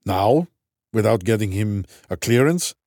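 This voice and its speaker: A man voicing a measured, formal male minister. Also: on the low side, lively intonation, a little mellow, dry recording, clean studio sound.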